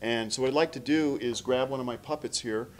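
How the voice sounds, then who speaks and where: A man hosting a casual interview, enthusiastic and quick to laugh. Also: medium pitch, a little hiss or hum. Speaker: host, puppet designer.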